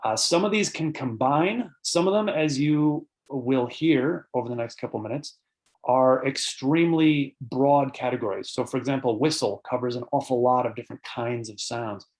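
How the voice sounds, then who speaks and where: A man's voice: mid-range voice, normal speed. Man giving an online birding lecture. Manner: explanatory, answers audience questions between points, frequent "uh" fillers. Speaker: birding author and presenter.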